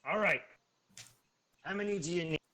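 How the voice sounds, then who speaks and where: A very large hobgoblin slave trader, put on by a man running a tabletop game, brisk and businesslike as he haggles. The voice sits a little higher and louder than the man's usual speech. Faint hiss and clicks sit under it. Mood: haggling.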